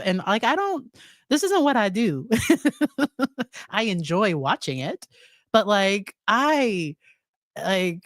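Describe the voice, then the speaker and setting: A woman's voice: lowish voice, fairly bright tone, no echo, studio quality. A woman psychologist hosting a casual live stream, chatting with her viewers about a trial. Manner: chatty, addresses her live chat directly.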